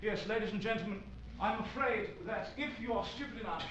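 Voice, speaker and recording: A man's voice: high-pitched, brisk, muffled recording, background noise, pitched below the performer's own voice, lightly acted. A man playing a pompous speaker in shifting accents. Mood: bombastic. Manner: grandiose, mock-formal address to the crowd. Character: pompous male public speaker, switching foreign accents. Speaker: improv performer. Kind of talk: improvised comic monologue in shifting accents. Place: small comedy club stage. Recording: echoey comedy club, mic from far off, audience.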